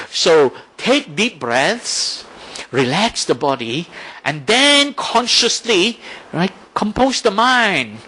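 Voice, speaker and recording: Male dharma lecturer, bright and tense tone, explanatory. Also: high-pitched. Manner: explanatory, asks rhetorical questions, frequent "right?". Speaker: Buddhist teacher.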